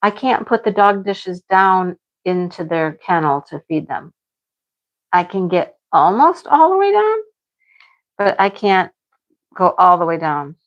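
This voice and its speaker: A woman's voice: medium pitch, lo-fi sound. A middle-aged woman hosting a livestream, chatting casually with viewers and venting frankly, laughing now and then. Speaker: livestream host. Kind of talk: casual chat with live viewers.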